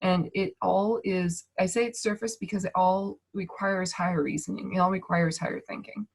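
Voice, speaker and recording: Woman, 30s, breathy and low-pitched, calm coaching talk by video call. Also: moderate pace. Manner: gentle, reassuring, thinks aloud with restarts. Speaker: speaker on emotions and manifestation.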